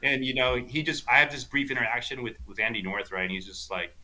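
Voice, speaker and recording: A man's voice: mid-range voice, quick pace, pushed and bright. A man from South Texas, a golf instructor guest on a podcast, telling rambling anecdotes full of fillers and quoting people animatedly. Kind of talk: casual storytelling chat.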